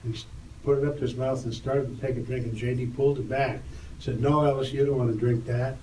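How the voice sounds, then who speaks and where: Speaking fast at medium pitch, this older tour photographer tells animated stories as an interview guest, lifting his voice for quoted lines. The recording sounds roomy and distant, with faint ambience and slight background noise.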